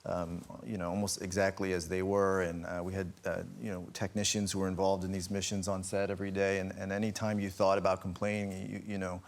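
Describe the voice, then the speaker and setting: A man's voice: low-pitched, little pitch movement, fairly quick, hardly any pauses. A man, an actor guest on a talk show, telling a story with lots of fillers and laughing at himself, in a TV studio with an audience. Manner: rambling, many fillers, self-mocking laughter. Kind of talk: anecdote telling on chat show. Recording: loud studio audience noise.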